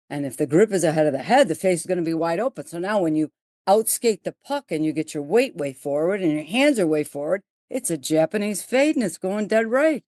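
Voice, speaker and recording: A woman's voice: lowish voice, no echo, clean studio sound. A middle-aged woman with a Buffalo accent, a golf teacher telling stories in an interview and acting out both sides of the dialogue. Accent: Buffalo, New York. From Buffalo, New York. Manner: blunt, animated storyteller who acts out dialogue. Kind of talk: storytelling interview.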